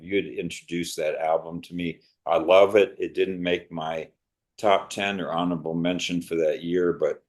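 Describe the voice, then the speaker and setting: An older man with a very deep voice talks casually as a podcast co-host. He is chatty and reflective, wandering through his thoughts in an easy, conversational way. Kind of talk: casual chat about music.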